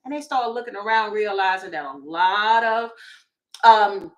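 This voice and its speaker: A woman tarot reader giving casual opinion commentary to camera, animated and sassy, talking straight to her viewers. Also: mid-range voice. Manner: mimics other people in quick asides.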